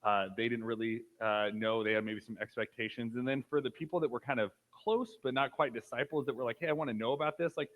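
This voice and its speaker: Conversational pastor man, mid-pitched. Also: steady tone, a little fast, hardly any pauses, low-quality recording. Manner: conversational, storytelling with fillers and "like". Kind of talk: casual sermon.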